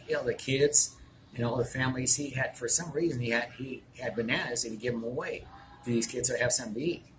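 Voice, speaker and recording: An older man who runs a restaurant, telling anecdotes to an interviewer in a rambling way, full of fillers. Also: mid-range voice. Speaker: restaurant owner. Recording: noisy room ambience.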